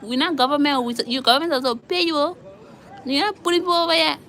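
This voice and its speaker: A woman telling a story in casual talk, acting out both sides of an exchange in lively bursts. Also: high-pitched, fast. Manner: animated, acts out both sides of a traffic stop in Liberian English.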